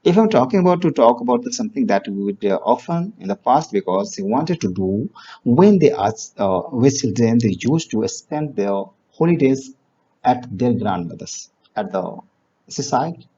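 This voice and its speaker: A man teaching grammar, reading example sentences slowly and explaining with fillers. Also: mid-range voice, big pitch swings, mellow, husky. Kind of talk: classroom grammar lesson. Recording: dull lo-fi recording.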